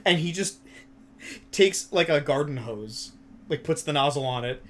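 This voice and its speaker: A man's voice: fairly high pitch, expressive, measured pace, slight background noise. A young man chatting casually as a stream co-host, telling funny stories, laughing often and swearing freely. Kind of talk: casual chat.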